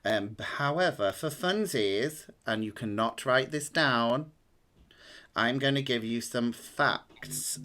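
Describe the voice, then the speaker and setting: A man running a tabletop game as game master, explaining rules in a relaxed, rambling way with many ums. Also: fairly low pitch.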